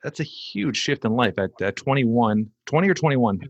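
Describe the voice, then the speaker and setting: A man's voice: mid-range voice, lively intonation, normal speed, no echo, highs cut off. A man hosting a podcast, asking questions and giving short, encouraging affirmations. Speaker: podcast host. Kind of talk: interview questions.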